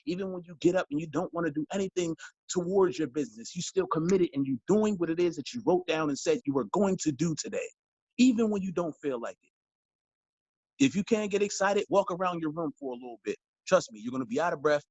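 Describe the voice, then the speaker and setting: A man's voice: on the high side, slightly rough, no room sound. A man coaching a sales team in a motivational training talk, emphatic and preachy, repeating his key lines and calling his listeners y'all. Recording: dull, dry lo-fi audio.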